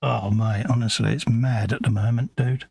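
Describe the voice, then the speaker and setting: Middle-aged man, husky and gravelly, relaxed matey co-host chatting over his painting. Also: medium pitch, normal speed, dry recording. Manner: chatty, matey banter, says "mate" constantly. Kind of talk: casual live-stream chat while painting miniatures.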